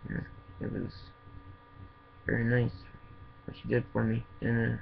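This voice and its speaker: A man speaking earnestly in a personal video diary, halting and full of fillers. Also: medium pitch, monotone, creaky, highs cut off, slight background noise. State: tearful, voice breaking. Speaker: vlogger in opiate recovery.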